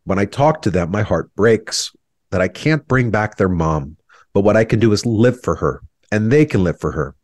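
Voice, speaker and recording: A man's voice: fairly low pitch, animated, normal speed, a little mellow, no echo, studio quality. A man in his thirties, an interview guest, telling a painful personal story in an earnest, reflective way, his voice sometimes breaking with emotion.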